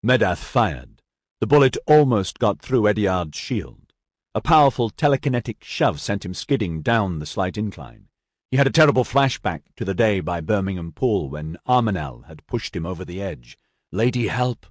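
A man reading scripted narration of a novel in a measured, dramatic way. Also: on the low side, lively intonation, no echo, clean studio sound. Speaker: audiobook narrator.

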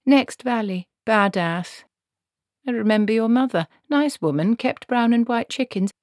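A woman's voice: on the high side, animated, darkish tone, no echo, clean studio sound, pitched above the performer's own voice. Woman playing a bossy old witch. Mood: brisk. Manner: brisk, bossy.

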